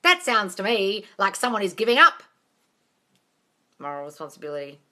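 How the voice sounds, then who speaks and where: A woman coaching viewers on manifesting during a casual live Q&A, blunt and full of swearing, calling everyone darling and swinging between loud excitement and low asides. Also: moderate pace. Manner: blunt, swears freely, calls listeners darling. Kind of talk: casual live Q&A, reading out comments.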